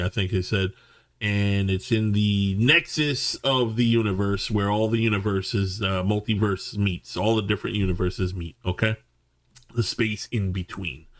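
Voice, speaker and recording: A man's voice: fairly low pitch, fairly bright tone. A man ranting through a movie review, swearing often and restarting his sentences, with many fillers. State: angry. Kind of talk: ranting film review monologue.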